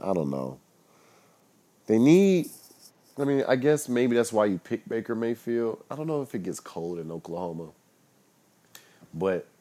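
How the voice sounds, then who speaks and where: A young man rambling casually on his own, loose and profane, muttering asides between louder bursts and breaking into laughter. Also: low-pitched. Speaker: solo commentator.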